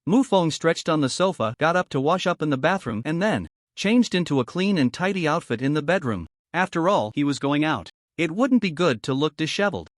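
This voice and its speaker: A man narrating a story recap in a lively, expressive scripted reading. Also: a little high, brisk, no echo, clean studio sound.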